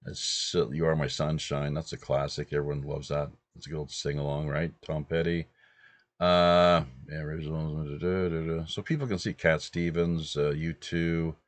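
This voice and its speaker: A man in his fifties from British Columbia, hosting and rambling through a relaxed anecdote. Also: a bass voice, moderate pace, no echo. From British Columbia, Canada. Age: 50s. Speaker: host. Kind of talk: casual anecdotal chat.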